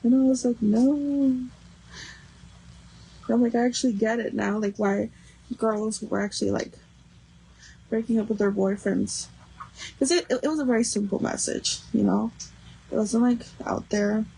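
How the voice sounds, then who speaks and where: A woman's voice: medium pitch, fairly even intonation, moderate pace, vocal fry, mellow, slightly rough, rough recording. A young adult woman hosting a craft livestream, chatting casually and rambling with lots of fillers while she works.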